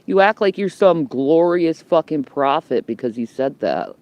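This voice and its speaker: A woman's voice: deep voice, animated, unhurried, hardly any pauses, a little mellow, no echo. A woman livestreaming on her phone from outdoors under a building, ranting bluntly and swearing heavily, repeating herself as she rambles. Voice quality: heavy swearing, blunt and combative. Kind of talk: homeless livestream rant. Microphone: phone held by the speaker.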